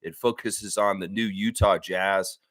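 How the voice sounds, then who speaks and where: A man hosting a casual sports fan livestream, excitable and hyped, sometimes chewing as he talks. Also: low voice, measured pace, dry recording. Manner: excitable, shouts hype bursts, chewing while talking. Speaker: livestream host.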